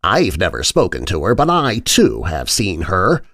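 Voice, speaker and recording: A man's voice: deep voice, wildly swooping pitch, a little slow, fairly bright tone, dry recording, clean studio sound, full character voice. A man voicing an older woman servant telling an old story. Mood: reminiscing.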